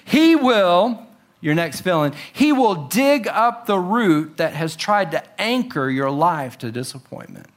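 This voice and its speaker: A man preaching a sermon, animated, acting out quotes with exclamations and dropping to slow, soft emphasis on key lines. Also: high voice. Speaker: pastor.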